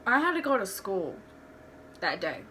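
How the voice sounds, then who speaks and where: A woman's voice: medium pitch, big pitch swings, unhurried, bright, forceful tone, slight background noise. A young woman tells personal stories in a candid, rambling home vlog, restarting her sentences often. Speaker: vlogger. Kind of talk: casual storytelling vlog.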